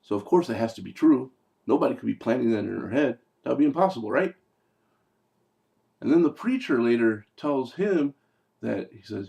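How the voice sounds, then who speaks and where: A man's voice: mid-range voice, lively intonation, moderate pace, creaky, mellow. A man reviewing a movie in casual talk, sarcastic and profane, with rambling asides.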